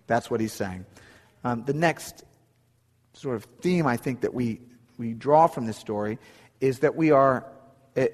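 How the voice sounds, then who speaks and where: A man's voice: medium pitch, measured pace, pauses often, in a large hall. A middle-aged man preaching a sermon, telling a personal story earnestly with frequent restarts. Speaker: pastor.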